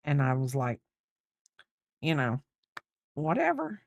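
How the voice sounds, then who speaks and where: A woman's voice: low voice, wildly swooping pitch, slow pace, creaky. A woman in her fifties chatting casually while crocheting on a livestream, rambling and thinking aloud with lots of fillers. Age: 50s.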